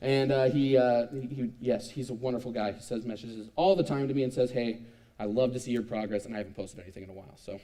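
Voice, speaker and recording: A young man in his twenties giving a youth sermon, telling a lively, self-mocking personal story. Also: medium pitch, fast, hardly any pauses. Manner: animated, self-mocking storytelling with frequent laughs. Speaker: youth speaker.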